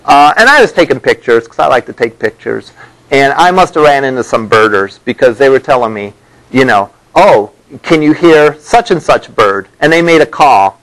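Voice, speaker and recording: A man's voice: medium pitch, animated, normal speed, a bit bright, rough recording. A man teaching a college class, talking in a loose, conversational way with many fillers and side stories. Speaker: college instructor. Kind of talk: classroom lecture. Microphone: microphone worn by the lecturer.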